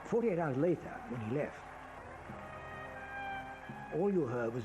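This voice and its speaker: A man telling a historical anecdote in a documentary interview, animated and expressive. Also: on the high side, unhurried, pauses often, rough recording. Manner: animated storyteller. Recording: interview with music laid over it.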